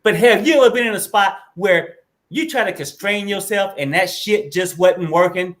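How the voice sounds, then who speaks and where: A man in his fifties hosting a lively panel chat over a video call, animated, interrupting and repeating people's names. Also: high voice, moderate pace. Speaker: show host.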